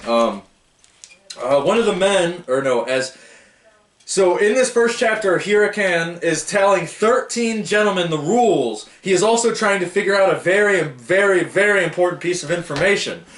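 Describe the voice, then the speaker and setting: A man's voice: sits high, lively intonation, normal speed, fairly bright tone, echoey room. A man giving a casual, rambling book review, stumbling over foreign names and laughing at himself.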